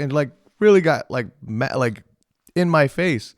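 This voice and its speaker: A man's voice: mid-range voice, moderate pace, no echo, clean studio sound. Profane, rambling man host. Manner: rambling, profane, animated retelling with quoted voices. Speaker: podcast host. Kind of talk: casual storytelling.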